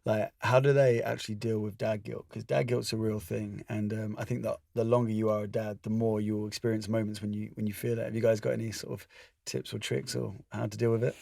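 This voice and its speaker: A man's voice: lowish voice, flat delivery, brisk, creaky, darkish tone, no echo, studio quality. A man co-hosting a parenting podcast, telling a story in casual chat and laughing at his own mishaps. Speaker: podcast co-host.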